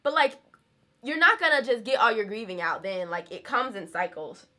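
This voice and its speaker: Bright-voiced Southern woman vlogging at home. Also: fairly high pitch, animated, normal speed. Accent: Southern American. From Southern United States, rural. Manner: chatty, candid, frequent laughs, says y'all. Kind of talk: casual chat to camera.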